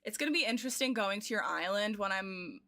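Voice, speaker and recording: A woman's voice: medium pitch, expressive, quick pace. An American woman in her twenties, a streamer chatting casually and giggling as she thinks aloud while playing a game. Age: 20s. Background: soft game music.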